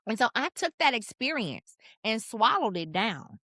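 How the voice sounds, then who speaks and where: Woman, podcast co-host, casual storytelling, animated, bright tense voice. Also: normal speed, no room sound, studio quality. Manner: animated, expressive, jumps in pitch for emphasis.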